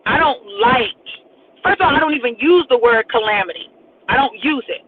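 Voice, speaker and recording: A woman's voice: high-pitched, expressive, a little fast. A woman preacher giving an emphatic, repetitive prophetic sermon on a live stream, speaking straight to her viewers. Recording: tinny phone-like audio with faint noise.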